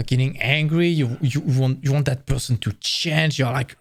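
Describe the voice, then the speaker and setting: A man's voice: mid-range voice, lively intonation, normal speed, few pauses, no echo. A man giving a casual livestream presentation of career advice, blunt and candid, swearing freely and acting out quoted lines in a raised voice.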